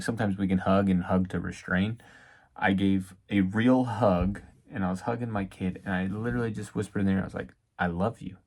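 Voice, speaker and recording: A man in his thirties giving a casual, reflective devotional talk about parenting as a father, halting with many fillers. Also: fairly low pitch, vocal fry, darkish tone, husky. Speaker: faith vlogger and dad.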